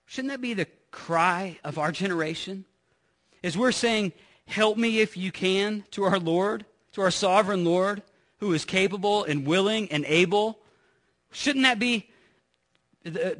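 Bright-voiced, high-pitched preaching man. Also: a little slow. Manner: conversational preaching with rhetorical questions to the congregation. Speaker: pastor. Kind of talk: sermon. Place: church sanctuary.

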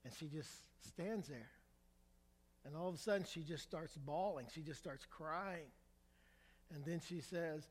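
An older male pastor preaching a sermon in a relaxed, storytelling way, with humor, asking the congregation questions. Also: on the high side, measured pace, long pauses, slightly rough, in a large hall. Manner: conversational storytelling with humor, asks the crowd for a show of hands. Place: church sanctuary.

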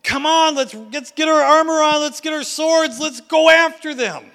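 A preacher acts out a fiery leader, urgent and encouraging, his high voice ringing through a large hall with long reverb. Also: normal speed, pushed and bright, heavily acted. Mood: rousing. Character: fiery male leader stirring a fearful crowd.

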